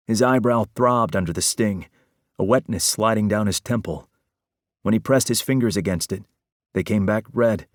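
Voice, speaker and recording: A man narrating an audiobook in a measured storytelling manner. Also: on the low side, no room sound, clean studio sound. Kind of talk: scripted narration.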